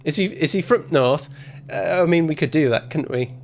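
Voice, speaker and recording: A man's voice: a little high, moderate pace, a little hiss or hum. A man giving casual, rambling gameplay commentary as a streamer, with self-mocking asides. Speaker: game streamer.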